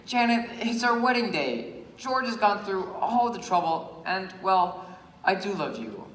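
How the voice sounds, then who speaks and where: A man's voice: high voice, big pitch swings, a little slow, a bit bright, a little hiss or hum, heavily acted. A man playing an earnest, pleading lovesick young groom in a stage musical. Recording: echoey stage.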